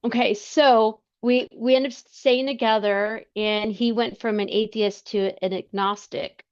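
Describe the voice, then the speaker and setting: A woman as a podcast guest, telling a personal story in conversation, earnest and halting with frequent restarts. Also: a little high, fairly even intonation, smooth. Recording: slightly muffled lo-fi sound.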